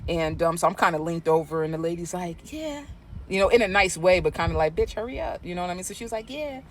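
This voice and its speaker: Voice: mid-range voice, fast talker, a little hiss or hum. Gossipy storytime vlogger, lots of cussing and asides, middle voice. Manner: gossipy, swears freely, animated asides. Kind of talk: casual storytime.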